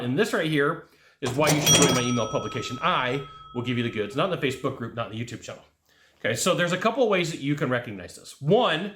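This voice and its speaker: A man giving a casual, jokey motivational sales talk, acting out quotes with sudden jumps in pitch. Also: fairly bright tone, roomy sound. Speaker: sales coach.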